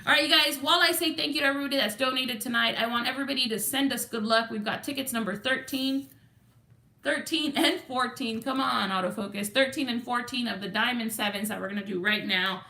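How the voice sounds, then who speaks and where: A woman's voice: a little high, brisk, bright, forceful tone, reverberant. A woman from Texas with a Texan accent, hosting a casual lottery scratch-off livestream and reading viewer comments aloud. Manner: chatty, reads viewer comments aloud and counts numbers.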